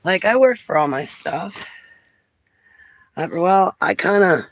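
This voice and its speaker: Slow-talking middle-aged woman from New Jersey. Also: fairly low pitch, dry recording, rough recording. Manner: chatty, lively exclamations, laughs often. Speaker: vlogger. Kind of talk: casual storytelling chat.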